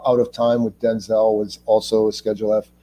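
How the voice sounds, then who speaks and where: A middle-aged man with a dark, mellow voice, chatting as an interview guest. He spins his stories with animation, slips into the voices of the people he describes, and stammers over restarts when excited. His tone is relaxed and warm. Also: fairly low pitch, a little fast. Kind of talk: casual anecdotal storytelling.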